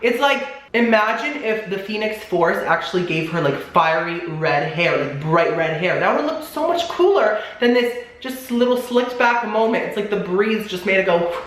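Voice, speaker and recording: A chatty vlogger reviews a film in a loose, expressive way, dropping "like" into nearly every thought. The voice sits at a middle pitch. The sound bounces around a very echoey room. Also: moderate pace, few pauses. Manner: chatty, expressive, lots of fillers like "like". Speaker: movie reviewer, channel host. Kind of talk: casual movie review vlog.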